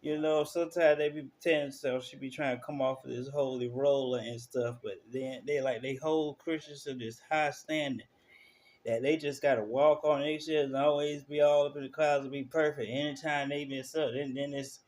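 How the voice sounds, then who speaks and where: A man streamer giving casual live commentary, telling stories in animated slang. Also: mid-range voice, moderate pace. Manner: animated storytelling, slangy, laughs through stories. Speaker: streamer reacting to clips.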